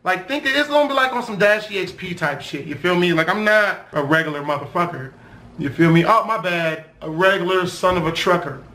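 A young man in an animated, profane, rambling rant as a vlogger talking to camera. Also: sits high, a little fast, echoey room.

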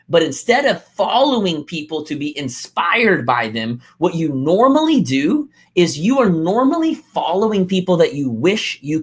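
A man delivers a motivational talk as a coach. His pitch is lively and moves a lot as he stresses each point. He repeats key lines for weight. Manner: emphatic, repeats key lines, acts out quotes.

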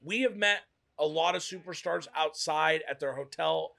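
A man co-hosting a casual reaction chat, talking fast and excitably. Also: on the high side, vocal fry. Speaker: co-host.

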